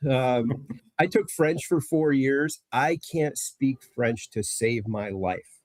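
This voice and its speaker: A man's voice: mid-range voice, slow pace, darkish tone, no echo. A man from Connecticut, chatting casually on a podcast and telling stories with lots of fillers and restarts. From Connecticut, USA. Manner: rambling, storytelling with many fillers. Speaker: guest presenter.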